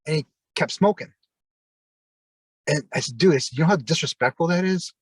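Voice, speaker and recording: A man's voice: on the high side, fairly quick, husky, no echo. A man, a former wrestler telling long anecdotes in a casual interview, full of fillers and quoted dialogue.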